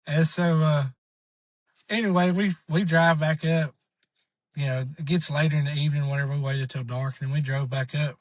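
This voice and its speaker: A man's voice: a little high, moderate pace. A man telling a long, rambling story on a podcast, acting out the voices of the people in it. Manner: rambling, animated, acts out quoted voices. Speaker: podcast guest. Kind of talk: casual storytelling.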